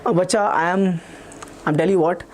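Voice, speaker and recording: A young Indian English–accented man with a high, steady-toned voice teaches maths revision live online. He goes fast, repeats himself often and reads out what students type in the chat.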